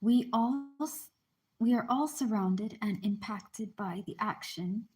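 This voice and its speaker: Mellow-voiced woman reading aloud casually. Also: medium pitch, slow pace. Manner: informal, breaks off to explain and apologize. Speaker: channel host reading a book aloud. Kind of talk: casual read-aloud with chatty asides.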